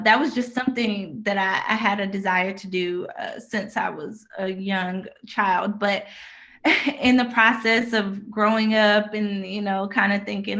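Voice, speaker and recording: A woman in her thirties, a birth worker, answering interview questions in a relaxed, reflective way and laughing often. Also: medium pitch. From United States.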